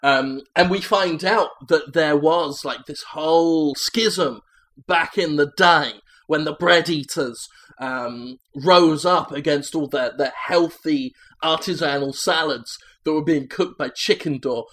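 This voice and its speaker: Comedy host, male, slightly high voice, rambling deadpan improv delivery. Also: takes it slowly. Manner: rambling, deadpan absurd pitch meeting.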